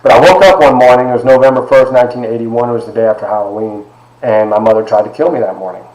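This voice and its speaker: A man's voice: medium pitch, quick pace, a little mellow. A man in his forties from Ohio, telling a candid personal story to a class in an emphatic, conversational way with frequent asides. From Ohio, United States. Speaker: lecturer. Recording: echoey classroom.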